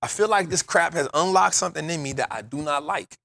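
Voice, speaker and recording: Lively emphatic man in his forties. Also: a little high, a little fast, gravelly, dry recording, studio quality. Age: 40s. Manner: emphatic, storytelling, repeats "bro" and "real talk". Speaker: podcast host. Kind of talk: casual podcast conversation.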